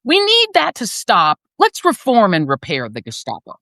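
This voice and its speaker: A woman's voice: wildly swooping pitch, moderate pace, vocal fry, sharp tone, no room sound, clean studio sound. A woman in her fifties giving emphatic, sardonic political commentary as a panel guest. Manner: emphatic, sardonic, swings between high and low.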